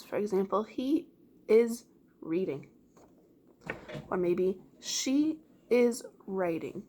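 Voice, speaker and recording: A woman teacher giving a phonics reading lesson to young children, slowly sounding out each word. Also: fairly high pitch, a little mellow, slight background noise. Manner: slow, clearly sounding out words.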